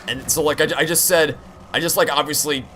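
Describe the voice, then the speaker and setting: Bright-voiced man ranting candidly on stream. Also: fairly high pitch, steady tone, brisk, a little hiss or hum. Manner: candid, rambling, profane ranting with restarts. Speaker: game streamer. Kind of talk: live-stream chat while gaming.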